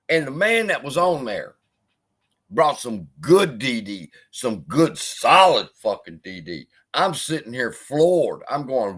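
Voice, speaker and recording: A man's voice: mid-range voice, very animated, slow, fairly bright tone, husky. A man hosting a livestream, ranting in an angry, profane, heated way. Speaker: livestream host. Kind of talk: unscripted livestream rant.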